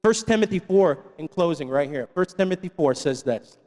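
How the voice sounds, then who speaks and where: High-voiced pastor preaching in a hall. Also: male voice, lively intonation, moderate pace, a little mellow. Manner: preaching with call-and-response to the congregation. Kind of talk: sermon. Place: church hall. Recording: long reverb of a church hall.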